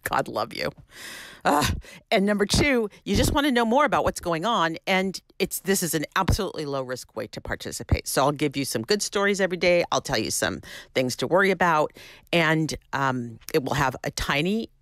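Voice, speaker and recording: A woman's voice: low voice, animated, normal speed, a bit bright, dry recording. A middle-aged woman hosting her own podcast, talking in a chatty, self-deprecating, rambling way with many restarts. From California. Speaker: podcast host. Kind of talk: casual solo podcast monologue.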